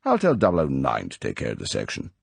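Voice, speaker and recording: A man's voice: extremely low pitch, huge pitch swings, fast talker, creaky, husky, no room sound, exaggerated voice. A man voicing a stern older male spymaster who lectures in a clipped, commanding way, from an audiobook reading. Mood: brisk.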